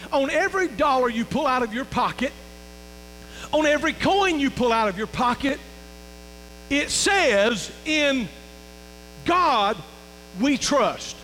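A man's voice: very high voice, lively intonation, normal speed, pauses often, sharp tone, long reverb tail, slight background noise, low-quality recording. A man who is lead pastor, preaching a folksy sermon to his congregation and calling for amens. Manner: folksy preaching, calls for amens, restarts and fillers. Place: church sanctuary.

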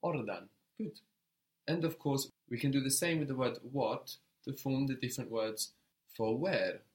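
A man teaching a language lesson, patient and encouraging, prompting a student step by step. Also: medium pitch. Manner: patient, encouraging, slow and deliberate.

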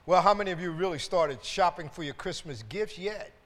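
A man's voice: high-pitched, brisk. A man preaching a sermon as pastor, rousing his congregation with call-and-response and exclamations of praise, often repeating words as he goes. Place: church sanctuary. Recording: church hall reverb.

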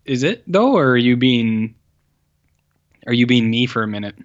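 A man's voice: medium pitch, animated, moderate pace, muffled recording. A man co-hosting a podcast, chatting casually about film news with many fillers and playful asides. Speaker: podcast co-host. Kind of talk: casual chat.

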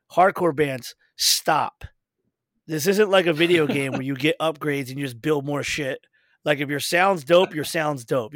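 A man hosting a casual podcast chat, swearing freely and telling animated stories. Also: on the high side, no room sound, clean studio sound. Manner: profane, animated storyteller. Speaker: host.

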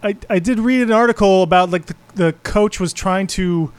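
A male radio host bantering on a casual sports talk show, quick to laugh. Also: high-pitched, clear, resonant tone, no echo.

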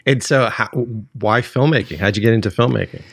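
A man hosting a podcast in casual chat, rambling with fillers and restarts, tired and slow from a late night. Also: fairly low pitch, vocal fry, no room sound. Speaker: podcast host.

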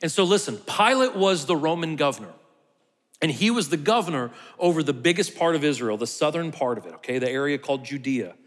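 A man with a fairly high voice preaches a sermon in a casual, conversational way. At times he drops almost to a whisper to stress a point. His voice rings with the long reverb of a large hall. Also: animated, brisk. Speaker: pastor.

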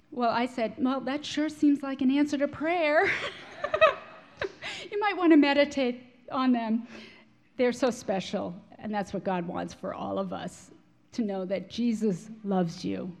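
A woman speaking to a Christian gathering, telling a prayer story in an animated, expressive way. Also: fairly high pitch, measured pace, gravelly. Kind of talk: storytelling talk to an audience.

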